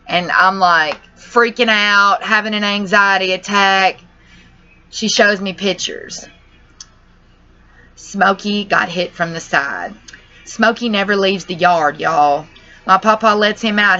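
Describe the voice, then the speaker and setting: A woman's voice: on the low side, sharp tone. A young woman tells her channel about a family crisis in a rambling, distressed way, cussing now and then. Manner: distressed, rambling, says y'all and cusses. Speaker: vlogger. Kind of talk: emotional personal vlog. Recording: dull lo-fi audio.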